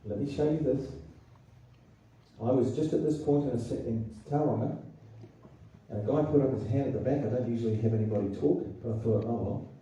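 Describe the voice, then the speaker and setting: In a heavily reverberant public hall, a New Zealand-accented public speaker gives a forceful political seminar talk, peppering listeners with rhetorical questions. He's heard from far away, with a warm, mid-range voice and a slightly quick pace.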